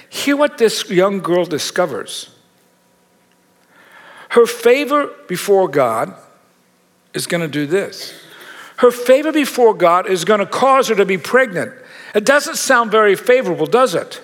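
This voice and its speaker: A man's voice: high voice, a bit bright, long reverb tail. A man preaching a sermon in a conversational, joking way with self-mocking asides. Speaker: pastor.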